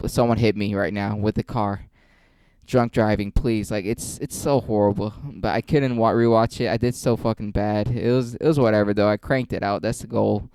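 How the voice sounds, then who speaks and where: A man's voice: fairly low pitch, darkish tone, clear, resonant tone, no echo. A young man, a stand-up comedian, rambling through a casual vlog with lots of swearing and self-mockery. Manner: rambling, profane, self-mocking.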